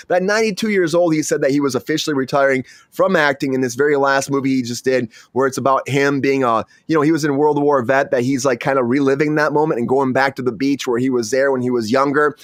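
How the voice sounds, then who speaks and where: A man hosting a casual entertainment news chat, excitable and rambling with frequent restarts. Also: mid-range voice, dry recording, clean studio sound. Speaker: host.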